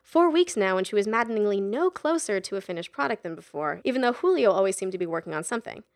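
A woman narrating a novel in a steady, even storytelling manner. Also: mid-range voice, fast. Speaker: audiobook narrator. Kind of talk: scripted narration.

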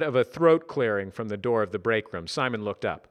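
A man narrating a story in a dry, measured reading. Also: on the low side, lively intonation. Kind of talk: audiobook reading.

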